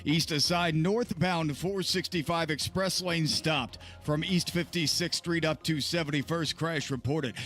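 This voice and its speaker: A Midwestern man reading a radio traffic report and a sponsor ad in a brisk, scripted delivery. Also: a little high, a bit bright. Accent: Midwestern American.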